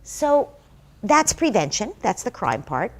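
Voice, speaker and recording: A woman's voice: medium pitch, big pitch swings, slow pace. A woman, a parenting expert, answering an interview question earnestly, explaining with examples and acting out little dialogues with a child.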